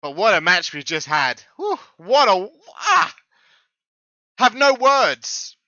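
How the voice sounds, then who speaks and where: A man giving excitable, jokey live wrestling commentary who bursts into big ring introductions. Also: high-pitched, slow pace, no room sound, muffled recording.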